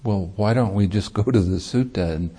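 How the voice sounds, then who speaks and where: A man's voice: fairly low pitch, normal speed, dark tone, breathy edge. A man, a Buddhist monk and meditation teacher, giving a light-hearted dharma talk and laughing easily as he teaches.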